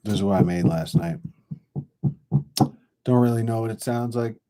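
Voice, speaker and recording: A man's voice: fairly low pitch, normal speed, dark tone. A man producing music on a live stream, talking casually to himself in an offhand, profane way. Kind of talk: casual live-stream commentary while making beats.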